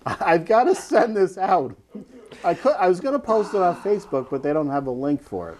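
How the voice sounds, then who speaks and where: A middle-aged man in casual talk-show banter, often chuckling and teasing. His voice is mid-pitched for a man, and his intonation rises and falls a lot. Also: sing-song, moderate pace, darkish tone, slight background noise. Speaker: co-host. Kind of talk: casual chat.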